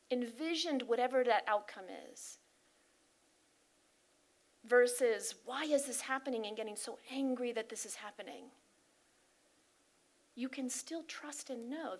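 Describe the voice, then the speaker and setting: A woman giving an inspirational sermon talk as a spiritual practitioner, earnest and animated, often asking her listeners questions. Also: a little high. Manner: animated and emphatic, acting out angry voices. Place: spiritual center service.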